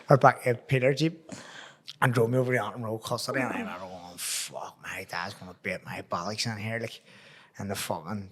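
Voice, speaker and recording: Profane Belfast man telling stories. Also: fairly low pitch. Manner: profane, lively storyteller acting out voices. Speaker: podcast host. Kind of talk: casual chat, telling stories.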